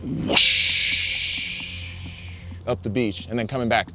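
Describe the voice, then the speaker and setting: A man's voice: mid-range voice, normal speed, heavy background noise. A young man, a big wave surfer, recounting a near-death wipeout in vivid, breathless storytelling full of fillers.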